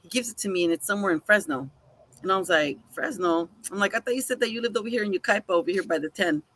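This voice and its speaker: A woman's voice: mid-range voice, very fast. A woman co-hosting a podcast, telling a story in casual chat, acting out both sides of the dialogue and swearing casually. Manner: animated, swears casually, acts out quoted dialogue. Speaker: podcast co-host.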